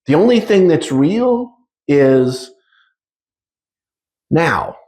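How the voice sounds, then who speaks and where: A man's voice: mid-range voice, animated, a little slow. Man in his fifties, roomy echo. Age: 50s. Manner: conversational, acts out dialogue with shifting speed. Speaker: spiritual teacher. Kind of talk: informal spiritual talk. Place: room with live audience.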